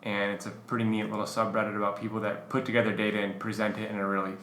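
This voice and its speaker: Bright-voiced, rambling male co-host. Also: lowish voice, racing, echoey room, slight background noise. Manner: relaxed, rambling, filler-heavy. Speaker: podcast co-host. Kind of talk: casual podcast chat.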